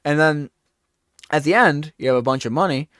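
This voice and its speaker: A man's voice: on the high side, moderate pace, clean tone, dry recording, clean studio sound. A man hosting a talk show, telling a rambling comedic bit and acting out scenes. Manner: animated, rambling, acts out scenes.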